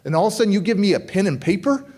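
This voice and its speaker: A middle-aged man giving a motivational keynote, his voice sitting a bit high for a man. He tells the story with lots of animation and suddenly leaps up in pitch to act out other people's lines. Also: very fast. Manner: animated, acts out quoted voices with big pitch jumps. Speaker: motivational speaker. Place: conference hall stage.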